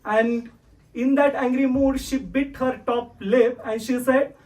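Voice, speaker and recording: A man's voice: very high-pitched, fairly even intonation, slow, a little mellow, recorded from a distance, rough recording. A man giving a devotional storytelling sermon, often asking "right?" of his listeners. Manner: repeats "right?" to the listeners, sings verses for them to repeat. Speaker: religious teacher.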